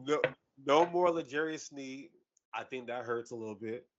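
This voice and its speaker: A man co-hosting a casual sports podcast, loud and animated, full of slang and quick laughs. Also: medium pitch, muffled recording. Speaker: podcast co-host.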